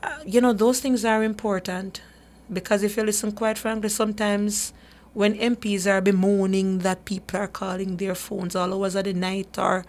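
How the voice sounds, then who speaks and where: A woman's voice: mid-range voice, little pitch movement, moderate pace, a little mellow. A woman hosting a radio talk show, speaking earnestly and emphatically, often repeating words as she gathers her thoughts. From Jamaica. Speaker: radio show host for a human rights group.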